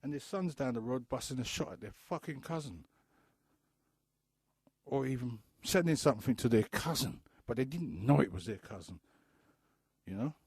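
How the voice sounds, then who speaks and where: Husky ranting man, dry mic. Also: medium pitch, animated, moderate pace, long pauses, darkish tone, no echo. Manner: ranting, blunt and profane; repeats rhetorical questions. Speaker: radio talk show host. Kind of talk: impassioned radio monologue.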